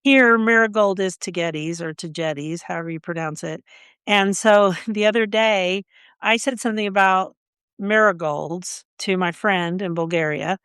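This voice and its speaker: A woman's voice: mid-range voice, steady tone, normal speed, fairly bright tone, smooth, dry recording, studio quality. A woman co-hosting a gardening podcast, chatting casually and telling stories with frequent laughs. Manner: chatty, storytelling, laughs often. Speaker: podcast co-host.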